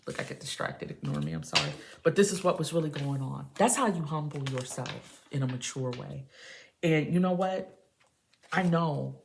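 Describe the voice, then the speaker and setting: Low gravelly woman giving a tarot reading. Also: a little hiss or hum. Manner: emphatic, preachy, talks straight to the listener; casual, says baby and y'all. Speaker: tarot reader.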